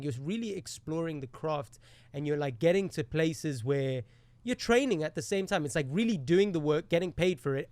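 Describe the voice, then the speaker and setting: A young man co-hosting a casual podcast, telling stories in a playful, slangy, animated way. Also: fairly high pitch, no room sound. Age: young adult. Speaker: podcast co-host. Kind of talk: casual chat.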